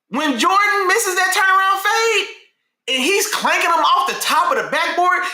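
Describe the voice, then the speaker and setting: A man hosting a casual sports talk show, speaking in a slangy, animated way and repeating himself when worked up. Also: very high-pitched, roomy sound. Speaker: sports podcast host.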